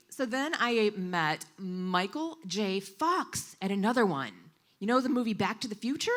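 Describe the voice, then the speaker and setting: A woman interpreting for a storyteller, voicing a live story at a coffee shop event in an animated, expressive way. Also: medium pitch, moderate pace.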